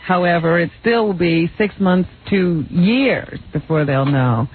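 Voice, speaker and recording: A woman's voice: lowish voice, lively intonation, measured pace. A female radio co-host teases and laughs through talk-show banter and reads the news. Her voice comes through a narrow broadcast sound with faint music behind it. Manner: laughing, teasing.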